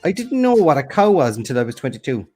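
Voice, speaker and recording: A man's voice: fairly high pitch, very animated, darkish tone, breathy edge. A man co-hosting a music quiz stream, bantering and teasing in a casual chat. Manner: joking, teasing, quick asides. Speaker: quiz show co-host.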